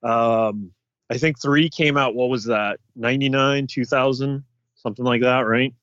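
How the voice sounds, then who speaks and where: A man's voice: mid-range voice, steady tone, moderate pace, fairly bright tone, no room sound. A man co-hosting a podcast, musing and hesitantly speculating in casual chat. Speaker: podcast co-host. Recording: dull lo-fi dry recording.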